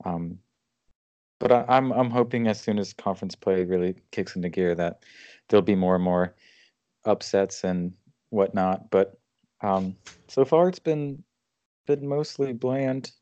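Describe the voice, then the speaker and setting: A man co-hosting a casual sports podcast, halting and searching for words. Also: lowish voice, dark tone, no echo. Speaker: podcast co-host. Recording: dull, dry recording.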